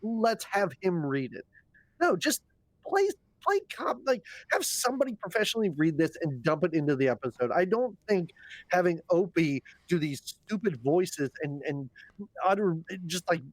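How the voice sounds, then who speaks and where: A man's voice: high-pitched, sing-song, moderate pace, no room sound. Exasperated man in dry close chat. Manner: exasperated, critical. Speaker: podcast co-host. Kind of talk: casual commentary chat.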